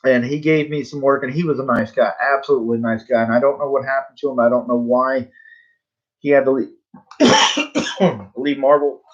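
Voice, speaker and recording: A man's voice: mid-range voice, highs cut off. A man in his forties, a comic book artist, telling a rambling story to viewers in a laid-back, tongue-in-cheek way. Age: 40s. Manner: rambling, full of fillers, laughs at himself.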